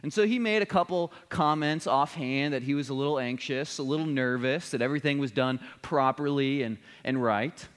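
A man's voice: mid-range voice, normal speed, hardly any pauses. A man preaching a sermon, telling a family story in an earnest way before a solemn appeal. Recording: long reverb of a large hall.

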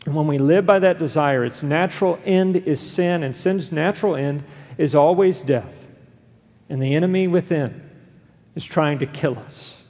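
Gravelly-voiced male pastor preaching in a hall. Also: on the high side, moderate pace, a little mellow. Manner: earnest preaching, frequent rhetorical "right?". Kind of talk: sermon.

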